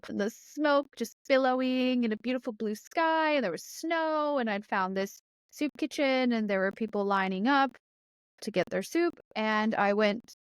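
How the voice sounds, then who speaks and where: Smooth-voiced woman telling a chatty story. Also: medium pitch, dry recording. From Georgia, USA. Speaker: journalist and podcast host. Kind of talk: casual political discussion.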